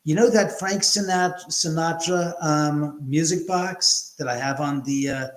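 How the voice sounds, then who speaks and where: A man's voice: on the high side, unhurried, echoey room, low-quality recording. A man hosting a live stream, chatting casually and telling stories, swearing freely. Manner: animated storyteller, swears freely. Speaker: host.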